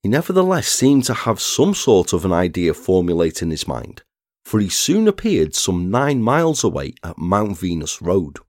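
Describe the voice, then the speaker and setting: A man, narrating a true crime story in a measured scripted read. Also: on the low side, a little mellow, dry recording, studio quality. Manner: measured, reads statements aloud plainly.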